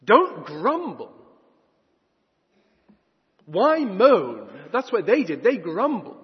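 With a fairly high, husky voice, this preacher draws out his words and swings his pitch widely, rising and falling to press each point of his sermon. Loud declarations give way to hushed asides, captured in a dull recording with long church-hall reverb.

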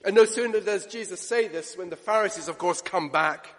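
A man preaching a sermon, emphatic, swinging between loud declarations and hushed asides. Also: sits high, brisk. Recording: long reverb of a church hall.

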